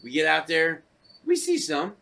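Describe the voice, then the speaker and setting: A man's voice: a little high, huge pitch swings, a little slow, vocal fry, bright, forceful tone, slight background noise. A man co-hosting a casual podcast, telling stories in a profane, ranting way. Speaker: podcast co-host. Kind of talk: casual chat.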